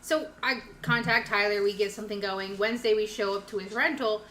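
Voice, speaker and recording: A woman's voice: medium pitch, fairly even intonation, brisk, bright, forceful tone. A woman hosting a casual podcast, chatty and laughing often. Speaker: podcast host. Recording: echoey room, faint noise.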